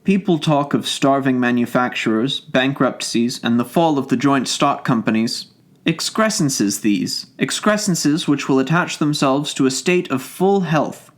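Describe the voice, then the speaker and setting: Storybook part: a man doing a cold, emphatic, lecturing doctor, medium pitch. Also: lively intonation, measured pace, lightly acted. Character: stiff, self-assured Tory doctor, cold and emphatic. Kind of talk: audiobook character reading.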